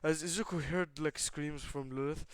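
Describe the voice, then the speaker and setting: A man's voice: on the high side, fairly even intonation, normal speed, smooth, dry recording, studio quality. A young man telling a fan story in casual chat, rambling and swearing as he goes. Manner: rambling, many fillers and restarts, swears.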